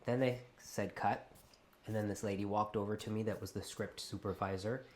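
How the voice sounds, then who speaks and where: A man in his late thirties from Canada with a Canadian accent, a host talking casually to camera in an animated, playful way. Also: fairly low pitch, moderate pace.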